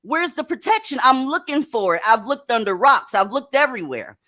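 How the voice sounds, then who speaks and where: A woman's voice: on the high side, very animated, a little fast, bright, forceful tone, dry recording, clean studio sound. A woman hosting a live stream, talking casually with blunt, profane sarcasm to her viewers. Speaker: livestream host. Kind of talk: casual livestream commentary.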